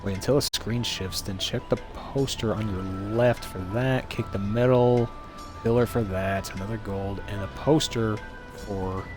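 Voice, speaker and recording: A man streaming a video game live, talking to his chat in an excitable way and swearing often. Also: lowish voice, measured pace, music in the background. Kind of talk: live-streamed gameplay commentary.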